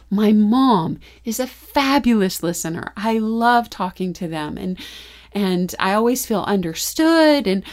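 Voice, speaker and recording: A middle-aged mother telling family stories in casual conversation, animated and laughing often. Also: mid-range voice. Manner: animated storytelling, frequent laughs. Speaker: mother and co-host.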